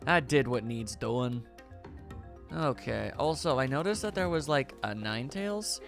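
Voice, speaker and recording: A man's voice: medium pitch, animated, measured pace, gravelly, a bit bright, faint music behind. A young man giving playful, chatty let's-play commentary and talking to the game. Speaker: video game streamer.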